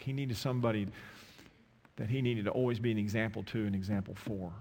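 A man preaching a sermon, emphatic, swinging from loud pointed questions to low, intimate asides. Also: fairly quick, big-room sound.

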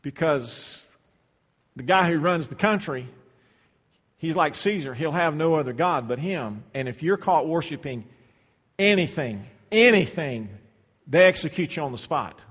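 A man preaching a sermon in a hall with a long reverb tail. His voice sits a little high for a man. He swings between booming, drawn-out scripture reading and hushed, low-spoken asides, repeating words as he restarts. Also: animated, husky.

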